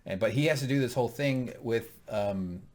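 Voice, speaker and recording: A man's voice: mid-range voice, normal speed, darkish tone. A man co-hosting a casual recap chat, joking and rambling into asides. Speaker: co-host.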